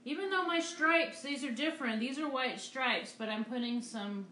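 A woman's voice: sits high, moderate pace, bright, forceful tone, echoey room, slight background noise. A woman art teacher giving a live painting demonstration, upbeat and encouraging as she talks through each stroke. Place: art studio.

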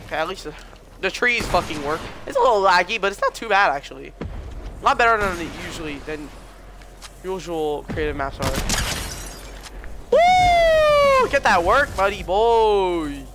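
A young man streaming a shooter game, reacting loudly, swearing often and yelping when surprised. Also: sits high, moderate pace, heavy background noise. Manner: excitable, swears a lot, yelps and shouts in reaction. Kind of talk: live gameplay commentary.

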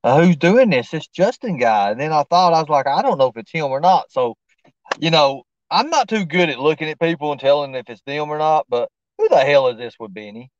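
A man's voice: on the high side, fairly quick, dry recording, muffled recording. A man hosting a casual live stream, rambling and informal, often talking to himself as he works the screen. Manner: rambling, talks to himself while fiddling with the stream; informal, slangy. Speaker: livestream host.

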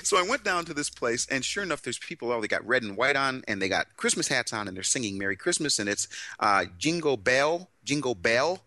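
A man's voice: medium pitch, fast talker, few pauses, no room sound. A man co-hosting a casual talk, telling a story with many restarts and acting out other people in quotes. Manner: animated, restarts often, acts out voices in quotes. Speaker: co-host. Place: in Shanghai, China.

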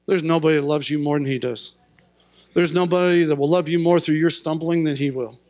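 High-pitched guy preaching in church, gets loud and fired up, dry close sound. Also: fairly even intonation, a little fast, no room sound. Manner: impassioned, rising to shouts at peaks. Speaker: pastor. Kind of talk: sermon. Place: church sanctuary.

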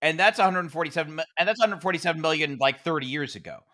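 Guest on a comedy podcast, trips over his words, bright higher voice. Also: very fast. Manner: stumbling, repeats himself. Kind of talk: casual comedic chat.

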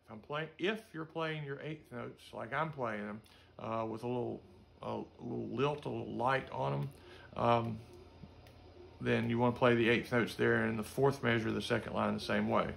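A man's voice: mid-range voice, steady tone, normal speed, gravelly, a bit bright, slight background noise. A middle-aged man teaching a music lesson in a casual way, singing note syllables to show how passages should sound. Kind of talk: instrument lesson.

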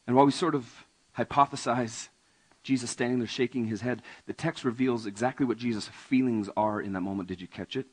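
A male pastor delivering a conversational sermon, often asking the congregation questions and swinging between raised emphasis and quiet asides. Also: medium pitch, fairly even intonation, fairly quick, slightly rough, poor audio. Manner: conversational, asks the audience questions.

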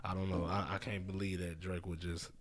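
A man's voice: low voice, level tone, brisk. A man appearing as a guest rapper on a casual podcast, speaking hesitantly and then driving his points home emphatically. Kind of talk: casual chat.

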